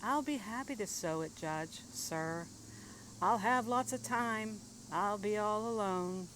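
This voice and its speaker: A gentle quilting mother, voiced by a woman poet, speaks in a mild, soft-spoken tone. Her lines sink quieter as she goes. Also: a little high, expressive, slow pace, slight background noise, pitched above the performer's own voice, poor audio.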